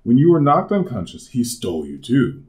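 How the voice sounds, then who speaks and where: A man's voice: mid-range voice, wildly swooping pitch, normal speed, a little mellow. Man doing a bumbling eager pig detective.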